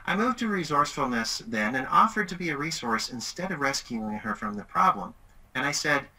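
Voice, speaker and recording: A man's voice: on the high side, fairly quick, breathy edge, poor audio. A middle-aged man giving a webinar presentation, telling a story animatedly. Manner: animated, acts out quoted voices.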